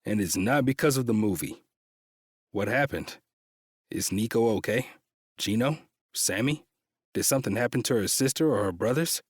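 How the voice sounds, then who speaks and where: A man's voice: lowish voice, lively intonation, moderate pace, pauses often, husky, dry recording, studio quality. A man reading a first-person romance audiobook with a tense, frustrated delivery and frequent swearing. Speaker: audiobook narrator.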